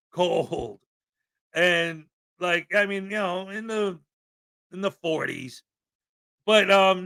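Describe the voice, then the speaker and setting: A man from the American Midwest hosting a live stream in casual chat, boisterous and given to loud hype shouts and laughter. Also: high-pitched. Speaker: livestream host. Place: house in Florida.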